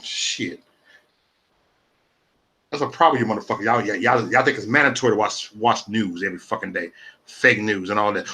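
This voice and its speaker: A man's voice: on the low side, lively intonation, normal speed, pauses often, pushed and bright. Profane ranting man in his forties. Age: 40s. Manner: profane, repetitive, confrontational. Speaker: live stream host. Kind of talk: ranting live stream talk.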